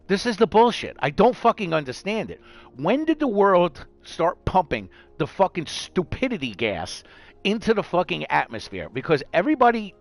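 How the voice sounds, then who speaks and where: A fired-up man rants to camera in a raised, gravelly voice that swings wildly up and down. He swears freely and jumps between scornful put-on voices. The sound is dry and close, with faint music underneath. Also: high-pitched, a bit bright. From New York. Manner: heated, profane ranting with mocking put-on voices. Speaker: gaming vlogger. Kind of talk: angry rant to camera.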